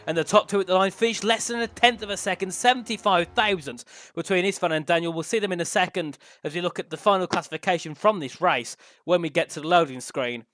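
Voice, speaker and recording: An enthusiastic young man calls a sim race as co-commentator, his voice a touch higher than most. He speaks with a sore throat. The sound is close and dry, with no room in it. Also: fast, few pauses, fairly bright tone, dry recording. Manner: enthusiastic, talks the results through steadily.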